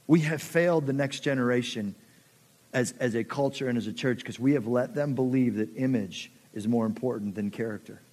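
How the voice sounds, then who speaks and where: A man's voice: mid-range voice, fairly quick, a little mellow. A middle-aged man preaching a sermon, passionate and conversational, acting out quoted voices. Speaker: pastor.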